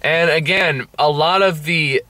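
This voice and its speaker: Male host, bright timbre; loose, profane, laughing movie-review banter. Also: fairly high pitch, a little slow, slight background noise. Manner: laughs often, swears, rambling asides. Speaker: podcast host. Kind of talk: casual movie review chat.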